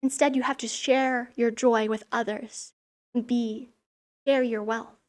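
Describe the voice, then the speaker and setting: A young woman recaps a children's story in casual, irreverent commentary. Her voice sits slightly high for a woman, and her sarcasm comes through. She swears freely and treats the material as a running joke. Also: steady tone, a little slow, a little mellow. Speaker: vlogger. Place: room in a school.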